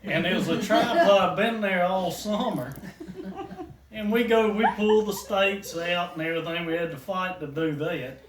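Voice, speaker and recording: A man's voice: high-pitched, normal speed, background noise. A man, telling a rambling family story and laughing all the way through. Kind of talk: casual storytelling among family. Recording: roomy, from far off, loud crowd around.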